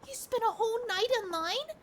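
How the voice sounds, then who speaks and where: Woman doing a gushing young girlfriend, very high and squeaky, wildly swooping, emotional. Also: animated, normal speed, fairly bright tone, slight background noise.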